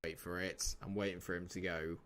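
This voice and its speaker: A man's voice: low-pitched, little pitch movement, a little fast, fairly bright tone. A man, chatting casually and joking with viewers while streaming a game. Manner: chatty, jokey, answers chat by name. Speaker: live-streamer. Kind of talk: casual live-stream chat.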